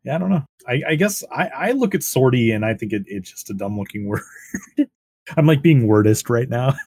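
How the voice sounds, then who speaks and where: A man co-hosting a podcast, answering in a relaxed, wry way. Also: medium pitch, brisk, slightly rough, no room sound, studio quality. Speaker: podcast co-host. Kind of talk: casual chat.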